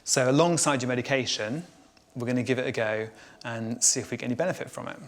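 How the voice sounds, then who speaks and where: A man's voice: mid-range voice, quick pace, over music. A man doctor explaining a diet treatment to a patient in a plain, informative way.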